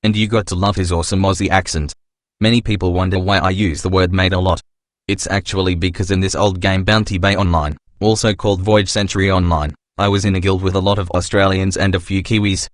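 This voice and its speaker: A man hosting his own channel, telling relaxed anecdotes in casual vlog narration. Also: sits low, a little fast, dry recording, clean studio sound. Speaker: channel host.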